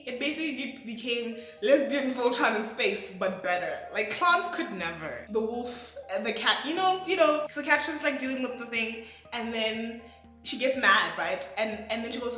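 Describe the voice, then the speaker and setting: Brief: twenty-something woman gushing in a rambling vlog, slightly high voice, soft music in the background. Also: normal speed. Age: 20s. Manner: excitable, rambling, many fillers. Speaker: vlogger. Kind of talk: casual show review. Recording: echoey room, faint music.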